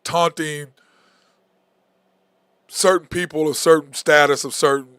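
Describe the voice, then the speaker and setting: A sports talk show host chats casually in a clean studio recording with no echo, his voice fairly high, clear, resonant, and unhurried. He's blunt and animated, constantly saying "okay?" and "bro."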